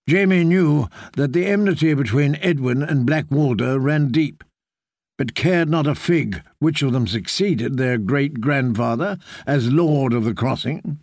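A man narrating a fantasy audiobook in a brisk, even storytelling manner. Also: medium pitch, dry recording, clean studio sound.

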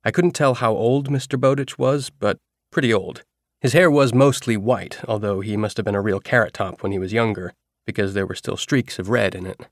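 Low-voiced male audiobook narrator. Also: moderate pace, no echo, clean studio sound. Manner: steady first-person storytelling.

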